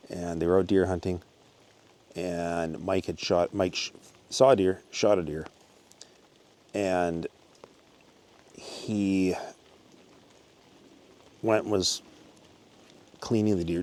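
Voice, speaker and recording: A man's voice: low-pitched, a little mellow. A man hosting his own channel, casually retelling a story he was told, with lots of restarts and fillers. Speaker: channel host. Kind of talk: casual storytelling while hiking. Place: outdoors on a mountain hike.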